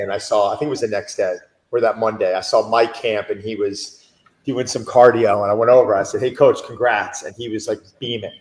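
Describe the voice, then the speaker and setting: A man in casual chat, telling stories with animation and acting out exchanges. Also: fairly low pitch. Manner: animated storyteller, acts out exchanges. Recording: echoey room.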